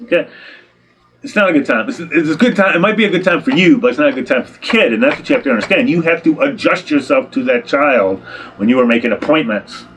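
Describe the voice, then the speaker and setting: A man's voice: fairly high pitch, lively intonation, fast talker, fairly bright tone. Blunt, exasperated male photographer lecturing. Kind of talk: direct-to-camera advice talk.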